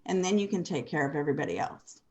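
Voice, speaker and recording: A woman's voice: deep voice, expressive, quick pace, gravelly, mellow, muffled recording. A woman co-hosting a radio talk show, speaking in a reflective, encouraging way. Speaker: radio co-host. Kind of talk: casual chat.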